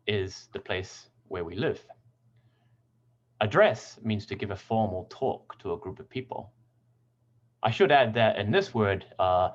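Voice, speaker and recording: A man teaching English pronunciation in a scripted lesson, speaking clearly and deliberately and stressing example words. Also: low voice, dull audio.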